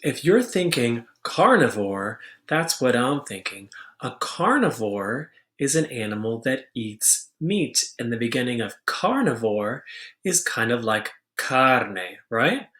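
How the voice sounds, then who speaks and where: A man teaches a vocabulary lesson in an unhurried, deliberate way, drawing out each word. He is patient and clear, repeating terms so students can write them down. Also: mid-range voice, big pitch swings, bright, forceful tone. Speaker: Spanish teacher. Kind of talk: classroom-style vocabulary lesson.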